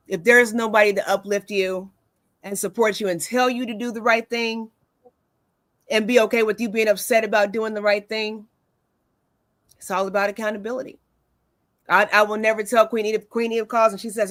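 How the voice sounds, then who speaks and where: A woman's voice: medium pitch, fairly even intonation, brisk, dry recording. A woman in her forties hosting a wellness talk show, telling stories casually with many fillers. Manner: warm storytelling with many fillers. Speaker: host.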